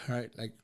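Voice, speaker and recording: A faint hiss or hum accompanies this man's fairly bright voice as he tells a personal story on a podcast. His casual, conversational retelling includes quoted dialogue and frequent fillers such as "right?" and "bro."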